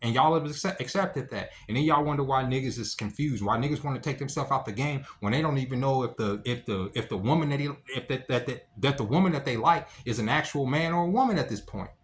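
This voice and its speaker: A man giving an impassioned monologue as an online commentator, profane and emphatic, repeating phrases and swinging between loud and soft. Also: mid-range voice, quick pace, hardly any pauses, slight background noise.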